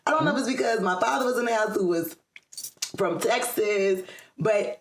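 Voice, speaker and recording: A woman's voice: medium pitch, normal speed, echoey room, slight background noise. A middle-aged woman from the Atlanta area, chatting as a guest in an interview, with lots of ums and frequent laughs. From Atlanta area, USA. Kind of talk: casual interview chat.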